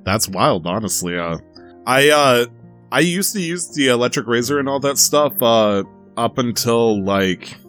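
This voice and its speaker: A man's voice: mid-range voice, animated, measured pace, a bit bright, soft background music. A man hosting a casual podcast, teasing his co-hosts and laughing often. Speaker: podcast host. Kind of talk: casual chat.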